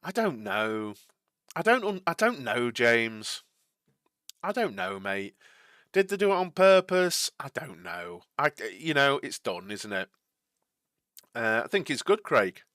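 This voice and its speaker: Chatty man with a lively, bright voice. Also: medium pitch, unhurried, long pauses, no echo, clean studio sound. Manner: rambling, repeats himself, laughs easily. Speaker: streamer hosting a live watch-along. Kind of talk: casual live-stream chat, reading and answering viewers.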